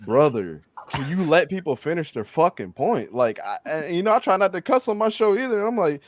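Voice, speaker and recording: A man's voice: on the high side, animated, fairly quick, few pauses, no echo. A man guesting on a stream, talking in casual, profane chat in a rambling, emphatic way. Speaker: guest podcaster.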